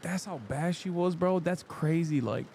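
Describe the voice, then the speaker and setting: Sarcastic deadpan male streamer. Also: a little high, normal speed, vocal fry, a little hiss or hum. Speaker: streamer host. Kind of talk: casual livestream commentary.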